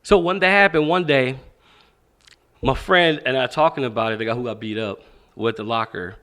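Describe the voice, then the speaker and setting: Speaking at a moderate pace in a mid-range voice, a man who coaches boxing swaps stories as a guest on a podcast. He's casual, animated, and profane, performing quoted lines as he recounts them in this interview-style chat.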